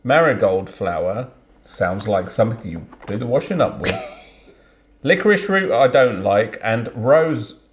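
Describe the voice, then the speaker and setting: A man's voice: lowish voice, animated, measured pace, a little hiss or hum. A man co-hosting a podcast in casual chat, with a dry, teasing manner and easy laughs. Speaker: podcast co-host.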